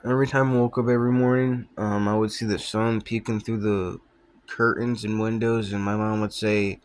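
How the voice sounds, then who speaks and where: A young man talking to his viewers in a loose, rambling monologue, his voice sitting a little low. He drifts from thought to thought, trails off mid-sentence and leans on fillers and swearing. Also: level tone, moderate pace, smooth. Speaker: vlogger.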